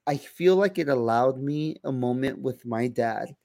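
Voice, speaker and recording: Gravelly young man in casual chat. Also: mid-range voice, measured pace, darkish tone, no echo, studio quality. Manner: loose, heavy swearing, many fillers and restarts. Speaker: podcast co-host.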